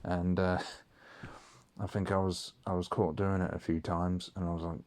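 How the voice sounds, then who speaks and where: A deep-voiced man rambling through a late-night anecdote, peppering it with swearing and plenty of ums. His delivery is loose and conversational, storytelling to himself in an audio diary. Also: level tone, moderate pace, a little mellow. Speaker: audio diarist. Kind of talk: casual storytelling monologue.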